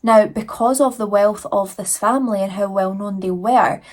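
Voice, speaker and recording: A woman's voice: medium pitch, normal speed, darkish tone. A woman casually narrating a true crime case, chatty, with asides to viewers.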